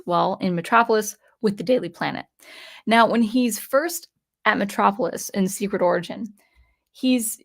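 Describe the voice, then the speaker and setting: A woman giving a casual, unscripted comic book review, retelling the plot in a chatty way with frequent restarts. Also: mid-range voice.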